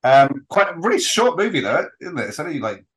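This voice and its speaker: A man's voice: on the high side, sing-song, brisk, poor audio. Rambling, wry man on a film podcast. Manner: rambling, many restarts and asides, wry jokes. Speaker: podcast co-host. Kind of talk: casual film-review chat. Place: remote recording, apart from co-host.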